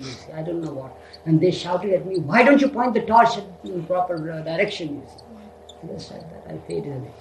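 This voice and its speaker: A man's voice: a little high, gravelly, darkish tone, a little hiss or hum. Older guy telling old stories, lots of "you see", stops and restarts, echoey room. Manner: halting, repeats words, frequent "you see". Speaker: devotee recounting memories. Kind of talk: reminiscing storytelling.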